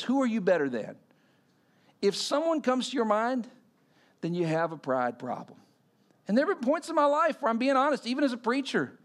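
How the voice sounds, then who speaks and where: A man preaching a sermon, telling stories and acting out the quotes in them. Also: very high voice. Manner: animated storytelling, acting out quotes.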